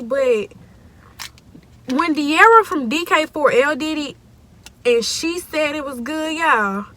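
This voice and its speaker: Young woman vlogger, slangy and chatty, a touch high, phone at arm's length, street noise behind. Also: pushed and bright. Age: young adult. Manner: chatty, slangy, talks straight to viewers. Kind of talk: casual vlog to camera. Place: outdoors on city streets and in a car. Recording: noisy street recording with traffic.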